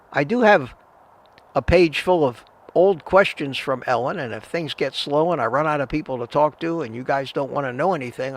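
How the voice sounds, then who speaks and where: A man's voice: on the high side, a bit bright. An older man hosting a live stream, chatting casually, giving advice and greeting viewers by name. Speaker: livestream host answering viewer chat.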